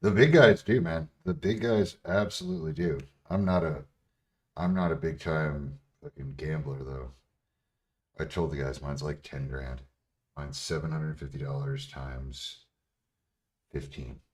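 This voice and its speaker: A man streaming casually as a bodybuilder answering chat, blunt and profane, laughing and getting louder when riled up. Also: very deep voice, steady tone, unhurried.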